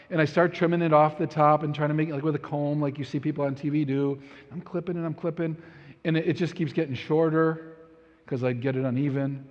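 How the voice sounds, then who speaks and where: A man's voice: on the high side, a little mellow. A man in his thirties preaching a sermon as a casual, self-deprecating story about his own blunders. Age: 30s. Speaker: pastor. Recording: dull audio in a reverberant hall.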